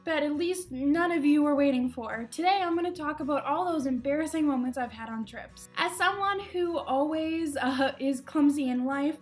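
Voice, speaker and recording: Young woman, high voice, casual vlog storytelling, chatty, self-deprecating, laughs a lot, faint music behind. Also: normal speed, hardly any pauses. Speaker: vlogger.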